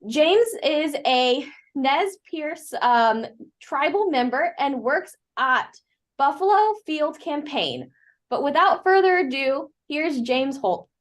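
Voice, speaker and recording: A woman hosting a livestream, reading a scripted introduction in an even, informative way. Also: high-pitched, slow. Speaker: livestream host.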